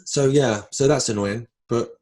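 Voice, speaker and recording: A man's voice: medium pitch, a little slow, a little mellow. A man from the UK, a guest in a casual interview chat, speaking bluntly and plainly.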